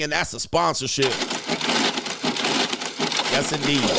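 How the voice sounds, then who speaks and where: A man's voice: mid-range voice, normal speed, vocal fry, pauses often, a bit bright. A man hosting a live stream, chatting casually, reading viewer donations aloud and laughing often. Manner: loose and joking, reads donor messages aloud, laughs often.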